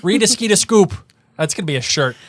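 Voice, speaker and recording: A man's voice: high-pitched, lively intonation, a little fast, a little hiss or hum. A man co-hosting a podcast, chatting casually with enthusiastic, playful interjections. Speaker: podcast co-host. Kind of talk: casual chat.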